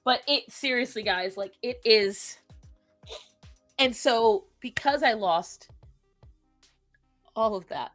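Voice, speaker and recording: A woman streamer chatting casually about games, animated and dramatic, laughing and swearing often. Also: on the high side, slow pace, long pauses, soft background music. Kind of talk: casual gaming chat.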